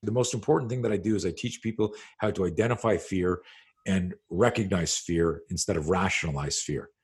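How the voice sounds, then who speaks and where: A man's voice: deep voice, fairly quick. A middle-aged man, a self-defense instructor, telling a story in an interview. He swears freely and acts out the scenes as he goes. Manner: profane, animated storyteller who acts out scenes.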